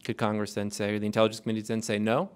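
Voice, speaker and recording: A man lecturing a class, quizzing the audience with rapid questions. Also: on the low side, level tone, clean tone. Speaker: lecturer on intelligence oversight.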